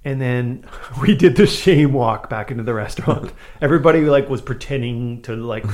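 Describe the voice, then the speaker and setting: A man from Saskatchewan, Canada, telling a childhood story on a podcast, self-mocking and animated. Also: medium pitch, moderate pace. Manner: animated, self-mocking, acts out scenes in loud voices. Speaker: podcast host. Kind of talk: casual storytelling.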